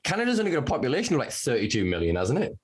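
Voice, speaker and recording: A man talking as a podcast guest in casual conversation, ranting with lots of swearing and dark laughter. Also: medium pitch, very fast. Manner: animated, profane ranting; laughs to cope.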